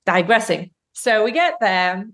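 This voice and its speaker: A woman's voice: medium pitch, expressive, measured pace, a bit bright. A woman from Germany, a guest author on a podcast, telling stories in a chatty way with many ums and restarts. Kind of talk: podcast interview.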